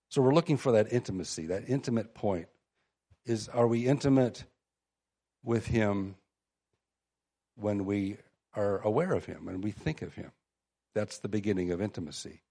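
A man preaching a sermon to a seated audience, reading scripture aloud and talking it over in a conversational way with restarts and pauses. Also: on the low side, darkish tone.

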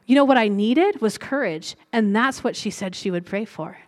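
A middle-aged woman preaches a sermon and shares a personal testimony with a fairly high voice. She's earnest and reflective, slowing down to stress key lines.

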